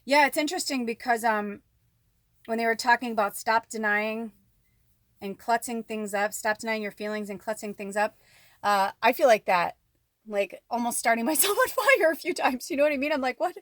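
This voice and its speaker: A woman's voice: on the high side, moderate pace, fairly bright tone, no echo, clean studio sound. A woman giving a casual spiritual card reading at home. She rambles in a chatty way, full of asides and "like". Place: at home indoors.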